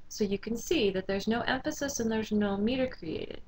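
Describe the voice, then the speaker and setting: A woman's voice: fairly high pitch, moderate pace, few pauses, heavy background noise. Woman teaching a recorded music lesson. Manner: explanatory, sings short demonstration phrases.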